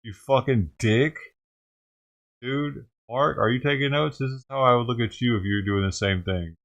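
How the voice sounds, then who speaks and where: A man's voice: medium pitch, fairly even intonation, fairly quick, fairly bright tone. A man hosting a vlog who rants and swears heatedly while reacting to a news clip. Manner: heated, ranting, swears often. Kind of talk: profane reaction commentary.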